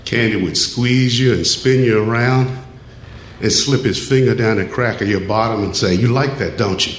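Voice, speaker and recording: A man telling a true personal story on stage, measured and plain, dropping his voice low at times. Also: slight background noise. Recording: echoey room with faint ambience.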